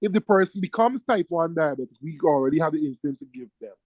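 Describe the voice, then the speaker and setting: A male teacher giving a classroom lecture, lively and teasing, firing questions at his students. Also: fairly high pitch, quick pace, dry recording, poor audio.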